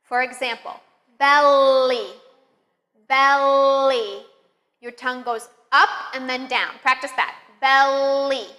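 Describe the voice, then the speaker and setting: A woman teaching English pronunciation, leading slow, careful drills with encouraging praise. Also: high voice, flat delivery, pushed and bright. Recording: long reverb, room echo.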